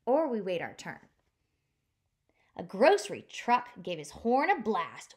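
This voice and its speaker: A woman childcare teacher reads a picture book to little children. She takes her time, and her pitch rises and falls widely in a sing-song way. Her voice sits a bit high. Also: sing-song, a little slow, a little mellow.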